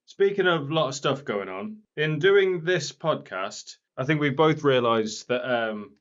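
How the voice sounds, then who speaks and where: A chatty man co-hosts a podcast, bantering casually and throwing little quizzes at his partner. His voice sits at a middling pitch. The sound is dull and lo-fi. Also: expressive, measured pace. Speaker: podcast co-host. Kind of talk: casual chat.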